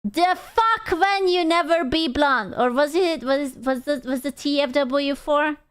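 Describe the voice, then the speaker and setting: A woman streamer chatting casually and reading comments, swearing freely and reacting with loud laughs and mock outrage. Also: high-pitched, measured pace, no echo, clean studio sound.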